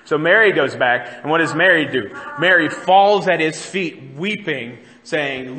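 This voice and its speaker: A man's voice: a little high, a little slow, hardly any pauses, bright, forceful tone, long reverb tail. A man preaching a sermon as pastor, talking in a conversational way and putting questions to the congregation. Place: church sanctuary.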